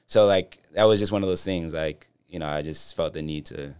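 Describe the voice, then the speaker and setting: A man in his forties from Boston talks easily as a podcast guest. His voice is very low, smooth and clear. The sound is close and dry. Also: brisk, dry recording. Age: 40s. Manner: relaxed, conversational, with many fillers. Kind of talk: casual interview chat.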